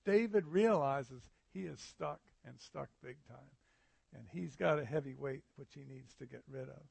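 A man's voice: medium pitch, normal speed, vocal fry, a little mellow, breathy edge, dry recording. A man, a pastor, preaching an earnest, conversational sermon with frequent fillers.

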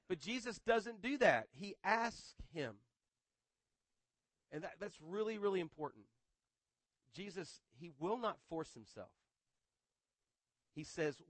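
A man's voice: high-pitched, lively intonation, moderate pace, fairly bright tone, no room sound. A man preaching a sermon in a conversational way, often repeating words and adding humorous asides. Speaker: pastor.

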